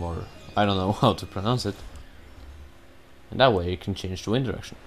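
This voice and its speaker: A man's voice: on the low side, lively intonation, moderate pace, slight background noise. A man giving casual, rambling commentary while he plays a video game, cursing now and then at his own mistakes. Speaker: let's play gamer.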